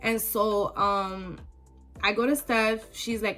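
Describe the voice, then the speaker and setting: Bright-voiced woman telling a story. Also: mid-range voice, takes it slowly. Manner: emotional, animated, many fillers. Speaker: vlogger. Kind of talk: casual storytelling to camera.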